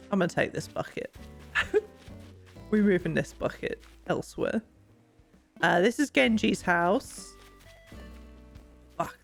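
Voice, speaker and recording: A young woman chatting casually while streaming a game, swearing and laughing often, her mic pointed the wrong way. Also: on the high side. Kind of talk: casual gameplay chat. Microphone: desk mic, pointed the wrong way.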